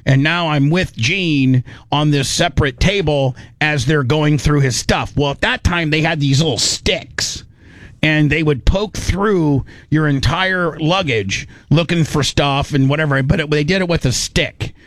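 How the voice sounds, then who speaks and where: A man hosting a podcast, telling a story in a rambling, animated way with lots of restarts. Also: fairly high pitch, a little slow, dry recording. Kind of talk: casual storytelling.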